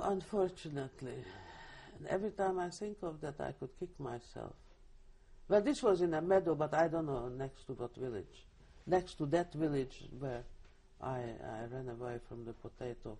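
An older woman speaks in a mellow, husky tone. She tells her story vividly, often restarting her sentences, as in a recorded oral history interview. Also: rumbling low, moderate pace. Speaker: Holocaust survivor giving testimony.

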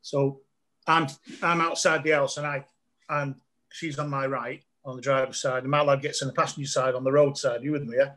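A man's voice: medium pitch, little pitch movement, brisk, fairly bright tone. A middle-aged man, a comedian telling funny stories in a casual chat, laughing often and acting out voices. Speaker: comedian guest.

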